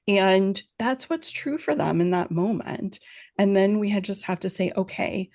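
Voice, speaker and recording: A woman answering interview questions as a parenting expert on a video call, explaining calmly and often checking in with a quick "right?". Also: mid-range voice, vocal fry. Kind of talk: interview answers at a virtual summit.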